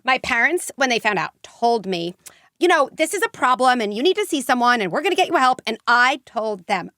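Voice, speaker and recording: A woman's voice: a little high, sing-song, fairly quick, sharp tone, no echo, studio quality. A middle-aged woman psychologist, a podcast guest, who tells stories with feeling and lots of casual fillers. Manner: emotional storytelling, many fillers. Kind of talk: podcast interview.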